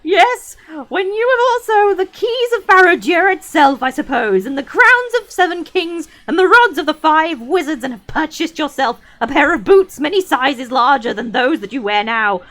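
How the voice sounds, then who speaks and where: A woman voicing a furious, scornful old male wizard, pitched high and loud with a shrill, mocking, screaming delivery. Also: very animated, moderate pace. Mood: scornful rage. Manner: mocking and sneering.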